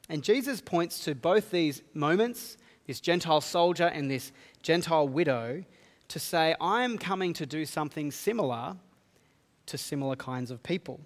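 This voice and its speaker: A man preaching a sermon, reading scripture aloud and explaining it earnestly. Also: a little high. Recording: long reverb of a hall.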